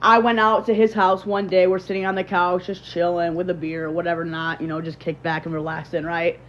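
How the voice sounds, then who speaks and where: A woman's voice: lowish voice, level tone, brisk, muffled recording, a little hiss or hum. A young woman from Illinois chatting casually on a livestream and telling a rambling story to her viewers, full of fillers and restarts.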